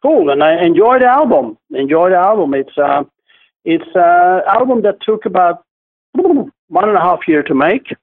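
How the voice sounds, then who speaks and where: A man speaks over a thin, phone-like line with a slightly high voice. He is a musician chatting in an interview, earnest and a little halting, often restarting on the same word. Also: expressive. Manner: earnest, repeats words when starting sentences. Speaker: musician guest. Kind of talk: casual interview chat.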